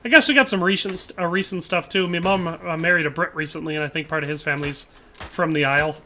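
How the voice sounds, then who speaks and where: Bright-voiced chatty male game streamer. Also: a little high, steady tone, quick pace, a little hiss or hum. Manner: chatty, jokey, tries mock Irish accents. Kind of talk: casual live-stream commentary.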